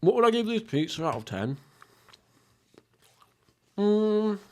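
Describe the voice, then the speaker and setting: A man's voice: sits high, sing-song, takes it slowly, darkish tone. A young man hosting a casual mukbang podcast, rambling and swearing, often laughing at himself. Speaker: podcast host. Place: at home, seated.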